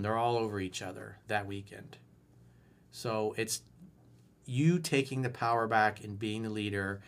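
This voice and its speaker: A man's voice: medium pitch, a bit bright. Blunt, profane male relationship coach. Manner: blunt, profane, emphatic advice; reads viewer questions aloud, then replies. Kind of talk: answering a viewer email on video.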